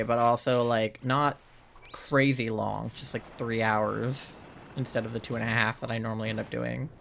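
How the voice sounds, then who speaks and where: A man chats his way through a live-streamed video game, rambling and playful, with a bit of sleepiness in his talk. His voice sits at an ordinary pitch with a gravelly, fry-laden edge, and it is recorded at home at his streaming setup. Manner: rambling, chatty, playful, with laughs and squeals. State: sleepy, yawning. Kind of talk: casual live-stream gaming commentary.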